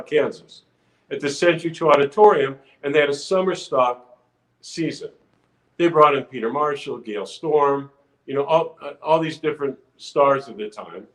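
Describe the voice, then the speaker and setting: An older man spins a long anecdote as a podcast guest, restarting his sentences and acting out the people in it. His voice sits a little high for a man. The room around him rings with a noticeable echo. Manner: animated anecdote telling with restarts and acted-out quotes. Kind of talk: casual storytelling.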